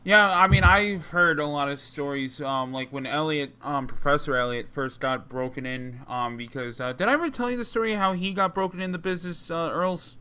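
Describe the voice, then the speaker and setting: A man with a New Jersey accent tells a long, winding story on a talk show. His voice is bright and crisp. It is full of ums and restarts. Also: fairly high pitch, fairly quick, few pauses. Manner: rambling, many fillers and restarts. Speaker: podcast co-host. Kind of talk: casual storytelling chat.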